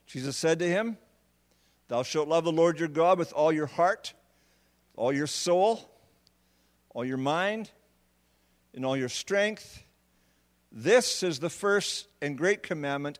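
Male preacher, sermon delivery, slightly high voice, unhurried, leans hard on key words. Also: big-room sound. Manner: building to emphatic, drawn-out words on key points; repeats words as he restarts phrases.

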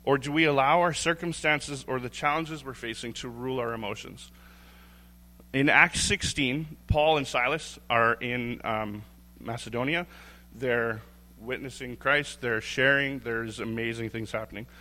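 A man's voice: medium pitch, steady tone, measured pace, sharp tone. A man giving an informal, candid church sermon, chuckling and restarting his phrases as he talks. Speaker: lay preacher. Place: church sanctuary. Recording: long hall reverb.

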